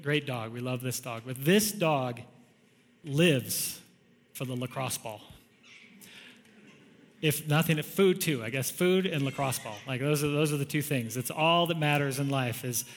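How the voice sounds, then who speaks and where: Man preaching in a reverberant hall. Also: mid-range voice. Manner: conversational, storytelling with frequent chuckles. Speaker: pastor. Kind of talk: sermon.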